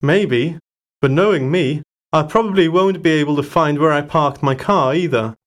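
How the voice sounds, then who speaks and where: A man performing scripted everyday dialogue for a listening exercise, with clear, plainly acted delivery. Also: a little high, moderate pace.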